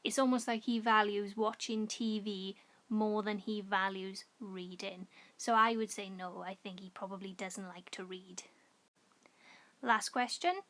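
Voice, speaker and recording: A woman primary school teacher giving a recorded home-learning lesson, explaining patiently and clearly to children. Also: medium pitch, fairly bright tone.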